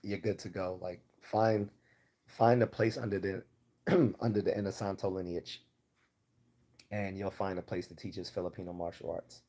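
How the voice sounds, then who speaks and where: This livestream host, a man with a Baltimore accent, fields viewer questions in a loose, rambling style with many fillers and restarts. His voice sits low and sounds mellow, with fairly even intonation at a normal speed.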